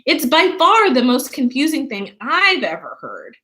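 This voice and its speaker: Fussy complaining storybook mock turtle, read by a woman with a bright voice. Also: sits high, huge pitch swings, measured pace, full character voice. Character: gloomy, fussy male mock turtle creature.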